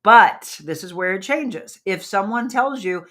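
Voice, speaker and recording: Animated woman hosting a wellness talk. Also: medium pitch, measured pace. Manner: lively, animated, asks the audience questions. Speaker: host. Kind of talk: casual talk to a live audience.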